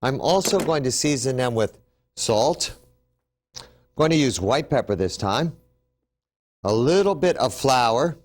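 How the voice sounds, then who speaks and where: A man with a middle-pitched voice hosts a television cooking demonstration. He is upbeat and chatty and talks through every step while he works. A faint noise sits under the voice. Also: animated, unhurried, long pauses. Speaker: cooking show host.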